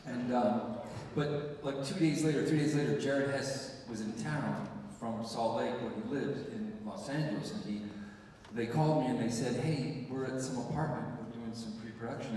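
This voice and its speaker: An older actor telling a lively story on a theater stage, acting out the lines he quotes. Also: medium pitch, normal speed, a little hiss or hum. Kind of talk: live stage anecdote. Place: large theater stage with audience. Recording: distant, echoey hall sound.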